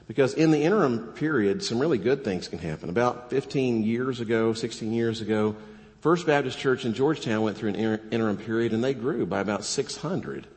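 A man preaching a sermon as pastor, casual and joking, animated as he tells a story. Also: lowish voice. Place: church sanctuary. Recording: long church reverb.

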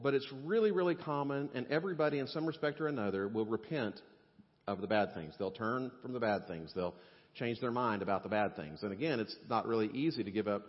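A man preaching a sermon, animated, acting out the voices of the people he quotes. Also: mid-range voice. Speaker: pastor. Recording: dull sound with long hall reverb.

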